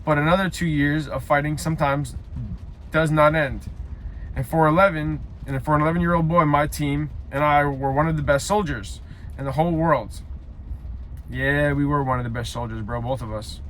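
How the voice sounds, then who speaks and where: A young man reading a story aloud haltingly, breaking off for loud self-mocking side comments. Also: fairly high pitch, steady tone, a little hiss or hum. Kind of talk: casual read-aloud with joking asides.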